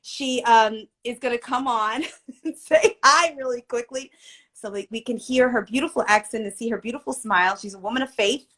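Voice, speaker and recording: A woman in her forties hosting a casual livestream chat, animated and chatty, on a video call. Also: on the high side, moderate pace. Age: 40s. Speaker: host.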